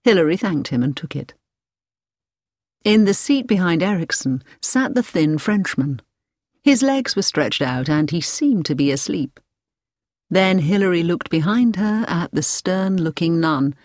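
A woman reading a story aloud as a narrator, clear and measured. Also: lowish voice, lively intonation, darkish tone, no echo, clean studio sound. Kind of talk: scripted audiobook narration.

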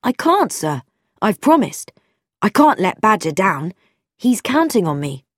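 A woman's voice: mid-range voice, big pitch swings, a little slow, dry recording, studio quality. A woman voicing an earnest, loyal young man, the son of a vicar, speaking plainly and frankly in a storybook reading. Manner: plain, frank, self-deprecating.

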